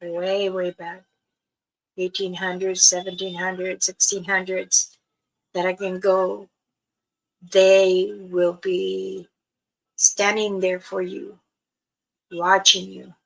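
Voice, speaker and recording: Slow, soft-spoken older woman. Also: mid-range voice, monotone, gravelly, poor audio. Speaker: spiritual elder and channel host. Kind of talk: casual talk to viewers.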